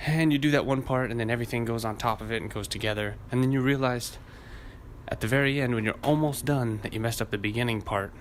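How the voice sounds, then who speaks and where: A man's voice: medium pitch, quick pace, slight background noise. A man hosting a podcast alone, rambling casually and cursing freely, laughing at his own stories while hot and sweaty. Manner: profane, rambling, laughs at himself. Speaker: podcast host. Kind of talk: casual solo podcast rant.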